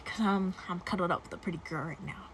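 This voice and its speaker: A woman voicing a laid-back young man in a casual storytime, speaking a bit lower than her own voice. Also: fast, noisy background, natural voice. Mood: easygoing.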